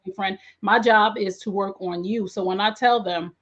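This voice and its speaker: A woman's voice: mid-range voice, steady tone, moderate pace, fairly bright tone. A woman hosting a relationship talk as a coach, emphatic and preacherly. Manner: emphatic, preacherly, exclaims often. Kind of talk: animated interview chat. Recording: dull lo-fi audio.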